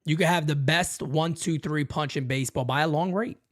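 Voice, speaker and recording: A man hosting a casual fan show and answering callers in an animated, slangy way that repeats itself. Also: fairly high pitch, moderate pace. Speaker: host taking fan calls.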